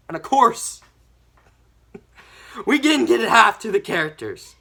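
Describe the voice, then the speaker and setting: A young woman giving a ranting movie review, animated and exasperated, with mild swearing. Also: a little high, takes it slowly, creaky, pauses often.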